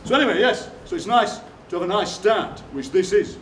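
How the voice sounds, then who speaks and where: A man performing as a poet in a theatre tells funny stories with a straight face, acting out the lines of other characters. His high voice moves fairly quickly, captured from afar in a roomy hall with slight background noise and the audience laughing.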